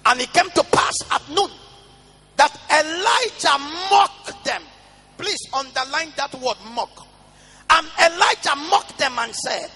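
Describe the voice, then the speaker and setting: A male pastor preaching a sermon, reading scripture in a sing-song chant and breaking into shouted declarations. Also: very high-pitched, lively intonation, slow pace. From Nigeria. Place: large church hall. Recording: reverberant church hall with music behind.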